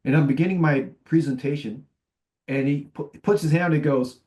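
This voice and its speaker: A man on a conference panel telling animated stories, acting out the voices of the people he quotes. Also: medium pitch, brisk. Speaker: panelist, tech executive.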